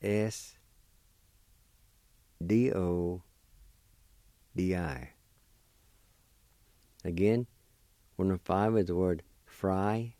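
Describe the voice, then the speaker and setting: A man teaching a language lesson, spelling and pronouncing words slowly and patiently, letter by letter. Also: sits low, mellow, dry recording. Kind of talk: slow spelling and pronunciation lesson.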